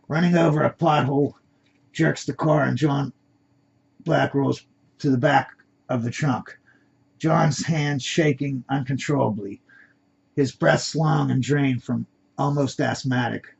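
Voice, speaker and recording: A man's voice: mid-range voice, steady tone, measured pace, gravelly, darkish tone, breathy edge. A man reading his own story aloud, unpolished and correcting himself as he goes, on a dull lo-fi recording.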